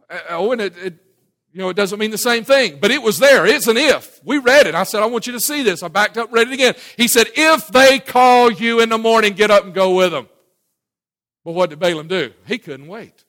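This pastor, a middle-aged man, speaks in a high-pitched, somewhat bright voice. Before a live church audience, his sermon is chatty and folksy, full of questions for the congregation and repeated restarts.

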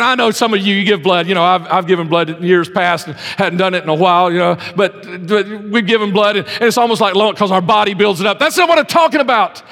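High-voiced preacher in an echoing hall. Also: male voice. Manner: emphatic, swings between loud and hushed. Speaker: pastor. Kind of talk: sermon. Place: church service in a civic center. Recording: long hall reverb.

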